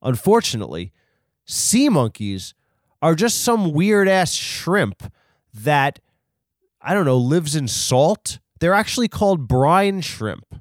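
A man's voice: on the high side, sing-song, slow, dry recording, clean studio sound. A man hosting a comedy podcast, rambling through a bit with lots of ums and restarts. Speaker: podcast host.

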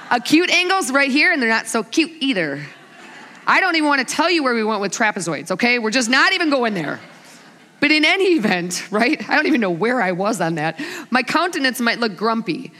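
A woman in her forties delivers a sermon full of family stories, her pitch swinging widely as she acts out each character. Her voice carries a long reverb from a large hall. She preaches from a stage microphone with a storyteller's flair. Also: bright, forceful tone. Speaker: women's ministry speaker.

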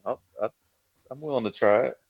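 A man's voice: mid-range voice, fairly quick, gravelly, breathy edge, dry recording. A man co-hosting a casual podcast, chiming in with short, laughing remarks. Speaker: podcast co-host. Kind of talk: casual chat. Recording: dull, muffled remote audio.

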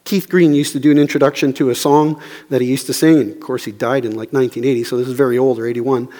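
A man preaching a sermon as pastor, swinging between hushed low asides and fervent raised passages, with emphatic rhetorical questions. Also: steady tone, fast talker. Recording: long reverb of a large hall.

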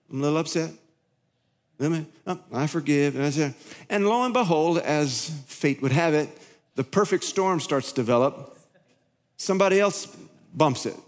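A male pastor giving a conversational, animated sermon and acting out the voices in his head, in a church sanctuary. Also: a little high. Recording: echoey hall.

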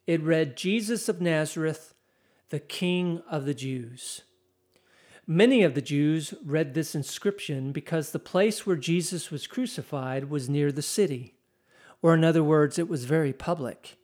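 In a slightly high, a little mellow voice, a male preacher takes his sermon at a slow, measured pace. His dramatic scripture reading steadily builds in intensity.

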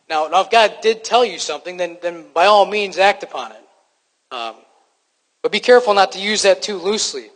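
A man with a high voice delivers a sermon in an easy, conversational way, often stumbling and restarting, and poking fun at himself. His words ring out with a long reverb, as in a large church hall. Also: animated, fairly quick, a bit bright. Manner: conversational, self-deprecating, frequent restarts. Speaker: preacher.

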